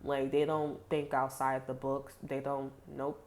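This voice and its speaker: A woman's voice: a bass voice, completely flat delivery, measured pace, a little mellow, slight background noise. A woman giving a casual tarot reading to viewers, chatty and blunt, swearing freely with lots of "like" fillers. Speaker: tarot reader.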